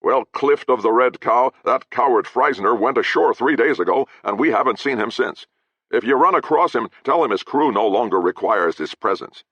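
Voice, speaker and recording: A man voicing a scornful male sailor calling down from a ship's rail in a mocking, drawn-out way, in a dry, slightly dull recording. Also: medium pitch, expressive, a bit bright, no room sound, voice pushed up.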